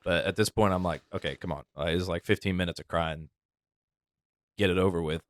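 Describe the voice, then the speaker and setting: Deep-voiced man, easygoing podcast chat. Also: steady tone, a little fast. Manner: laughing, easygoing storyteller. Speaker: podcast host, firefighter. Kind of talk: casual chat.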